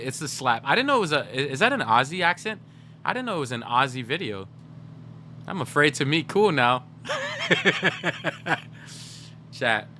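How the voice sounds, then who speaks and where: A man's voice: mid-range voice, bright, forceful tone, slight background noise. Joking young male streamer. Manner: joking, rambling, talking to chat. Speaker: game streamer. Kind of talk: casual livestream chat.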